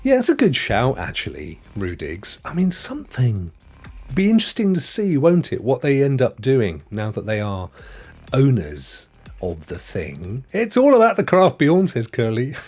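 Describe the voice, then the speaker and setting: A middle-aged man hosting a live stream in a chatty, joking way. His husky voice swings up and down a lot as he talks, with faint music playing behind him. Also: mid-range voice, wildly swooping pitch, a little slow, a little mellow. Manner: chatty and jokey, answers chat messages by name. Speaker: live stream host reading viewer chat. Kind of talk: casual live chat.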